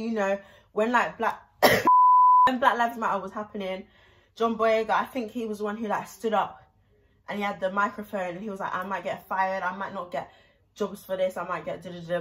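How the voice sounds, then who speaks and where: A young woman hosting a casual music reaction vlog, chatty and excitable, rambling between laughs. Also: mid-range voice. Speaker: reaction video host.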